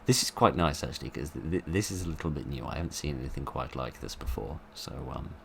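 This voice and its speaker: A man's voice: very deep voice, lively intonation, quick pace, gravelly, a bit bright, a little hiss or hum. A man giving playful, wry let's play commentary with rambling asides as he plays a horror game. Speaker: gaming video host.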